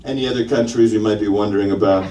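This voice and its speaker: A man's voice: on the low side, fairly even intonation, racing, dark tone. A man doing a stand-up comedy set, crude and mocking, trying out silly accents. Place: comedy club stage. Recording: roomy club sound from a distant mic. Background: audience laughing.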